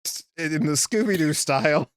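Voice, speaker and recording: A man's voice: a little high, moderate pace, clear, resonant tone, dry recording, clean studio sound. A man hosting a live art stream, chatting casually, laughing often and swearing wryly. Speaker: streamer artist host.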